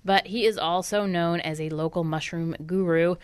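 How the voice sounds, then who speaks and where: A chatty, upbeat woman hosts a radio food segment on a studio mic. Her voice sits a little low and sounds slightly stuffed up. The sound is close and dry. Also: steady tone, moderate pace, smooth, no echo. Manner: chatty, upbeat, self-deprecating. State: stuffy nose. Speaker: radio food show host. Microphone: studio microphone.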